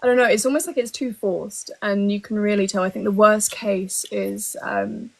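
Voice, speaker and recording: Gravelly English woman, polite and hesitant. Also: medium pitch, animated, normal speed, low-quality recording. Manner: polite, self-deprecating, hesitant with ums. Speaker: cosplay panel guest. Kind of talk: casual live-stream chat.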